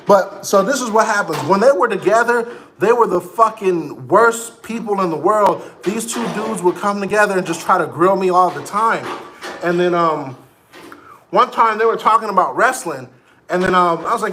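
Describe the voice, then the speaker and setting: A man in his thirties telling casual stories, animated, acting out other people's lines. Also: high-pitched, fairly quick, reverberant, a little hiss or hum. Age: 30s. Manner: animated, quoting people in raised voices. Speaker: vlogger. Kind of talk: casual storytelling.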